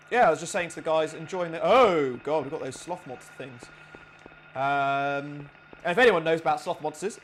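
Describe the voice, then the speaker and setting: A man streams a game live and keeps a running chatter going as he plays. His voice sits a little high, and he thinks aloud and stops to read out viewers' messages. A clear hiss and scattered clicks run under his desk mic. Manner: chatty, thinks aloud, reads out donations and chat. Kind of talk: live game playthrough commentary.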